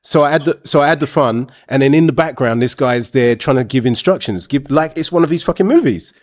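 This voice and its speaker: A man's voice: mid-range voice, fast talker. A man hosting a show, telling a frank personal story in a blunt, rambling, casual way.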